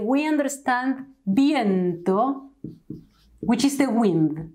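A woman from Argentina with an Argentine Spanish accent, teaching an online Spanish lesson with slow, careful enunciation. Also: fairly high pitch, lively intonation, a little mellow.

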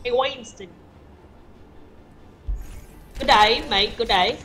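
A woman putting on an excitable Australian wildlife-show host, calling out exclamations with laughter. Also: a little high, moderate pace, soft background music, voice pushed down, close to an everyday voice. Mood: cheery. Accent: put-on Australian.

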